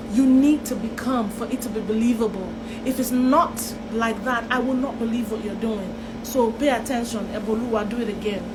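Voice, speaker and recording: A woman, an acting coach giving spoken feedback to a student, emphatic and encouraging, and she repeats key words. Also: a little high. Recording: clear background noise.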